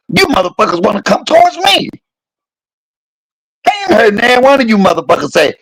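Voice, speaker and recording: A vlogger in his fifties rages on camera in a gravelly, husky voice, cursing heatedly and repeating himself for emphasis. He talks briskly, his pitch swinging hugely. The close recording is dry and low in quality.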